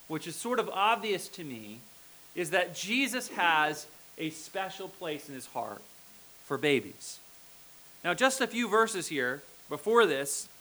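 A man's voice: high-pitched, pushed and bright, low-quality recording. A male pastor preaching a sermon in a conversational way, often checking in with the congregation. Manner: conversational, checks in with "okay?" and "right?".

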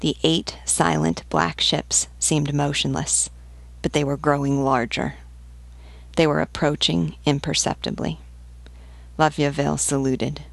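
A woman reading a novel aloud in a measured, even manner. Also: low voice, vocal fry, no echo. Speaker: book reader. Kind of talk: audiobook reading.

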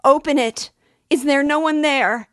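Woman reader doing a defiant young heroine; high, loud, frantic. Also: measured pace, dry recording, clean studio sound. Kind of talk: audiobook reading.

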